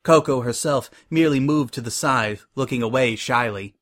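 A man narrating a fan-fiction story in a steady reading voice. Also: medium pitch, moderate pace, few pauses.

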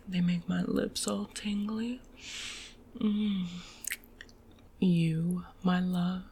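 Whispered role-play: woman playing a teasing succubus, very slow delivery, vocal fry, faint hiss behind. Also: on the low side, heavily acted.

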